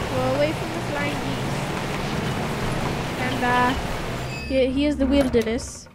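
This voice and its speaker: A woman narrating her gameplay in a rambling, goofy way, often slipping into mock panic. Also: sits high. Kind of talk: playful narration over gameplay. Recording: loud background noise.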